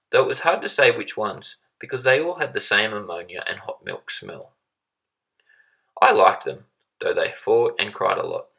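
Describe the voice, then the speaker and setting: Gravelly, low-voiced male story reader. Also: sharp tone, poor audio. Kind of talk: reading a short story aloud.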